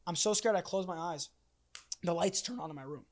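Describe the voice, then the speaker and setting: A man's voice: high voice, brisk. A young man guesting on a podcast, telling a story casually and animatedly, with swearing and lots of fillers.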